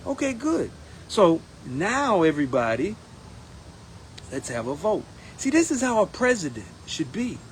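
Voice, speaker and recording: A man speaking in a casual campaign monologue as a union steward, animated and acting out others in quotes. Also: sits high, a little slow, slight background noise, low-quality recording. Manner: animated, acts out members' voices in quotes. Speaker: union steward running for president.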